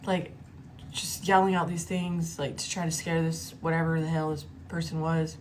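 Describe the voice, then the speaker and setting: A woman vlogger telling a personal story in a casual, animated way, cursing freely and acting out the quotes. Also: deep voice, moderate pace, a little hiss or hum. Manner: animated, profane, acts out the quotes.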